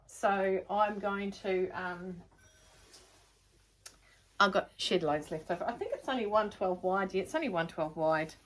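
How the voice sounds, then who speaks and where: A woman's voice: medium pitch, pushed and bright. Chatty New Zealand woman sewing vlogger. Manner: chatty, rambling, self-mocking. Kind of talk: casual chat to camera.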